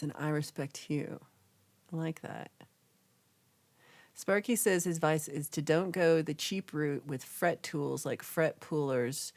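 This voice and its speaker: A young woman hosting a casual livestream, reading viewer comments aloud and chatting in a lively, reactive way. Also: sits low, gravelly. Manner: chatty, reacts with gasps and laughs, animated. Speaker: livestream host reading chat.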